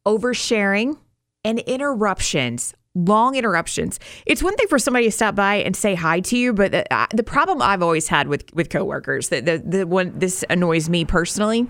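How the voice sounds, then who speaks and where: A woman's voice: mid-range voice, expressive, brisk, fairly bright tone, no echo. Chatty woman hosting morning radio. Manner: chatty, laughs easily, emphatic. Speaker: radio show host.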